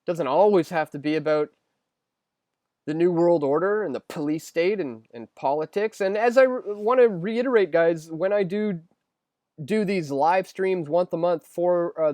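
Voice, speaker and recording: Young guy rambling on his live stream, answering chat, kinda high voice, dry close sound. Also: measured pace, dark tone, no room sound. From Canada. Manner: rambling, filler-heavy, restarts often. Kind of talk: casual live-stream chat reading viewer questions.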